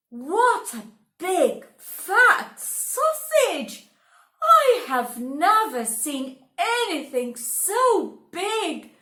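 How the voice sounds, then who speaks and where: A woman voicing a cross wife who scolds her husband, exclaiming loudly. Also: very high-pitched, reverberant, voice pushed up, heavily acted.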